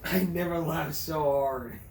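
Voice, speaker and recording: A man with a high voice hosts a casual vlog, rambling crudely and laughing at his own jokes. His voice bounces around an echoey room. A faint background noise sits underneath. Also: slow pace, darkish tone. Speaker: vlog host. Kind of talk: casual comic vlog chat.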